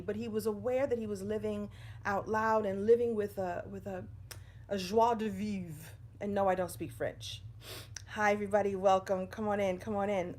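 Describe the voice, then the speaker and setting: A woman's voice: mid-range voice, darkish tone. A middle-aged woman giving a live-streamed inspirational talk from her home in front of a bookshelf, chatty and greeting viewers by name. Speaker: motivational speaker on a livestream.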